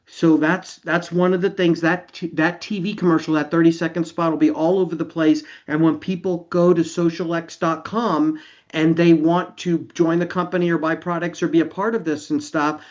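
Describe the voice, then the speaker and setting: A man's voice: fairly high pitch, little pitch movement, moderate pace, muffled recording. A man leading an online company announcement for his members, earnest and emotional, repeating himself for emphasis. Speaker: company founder addressing members.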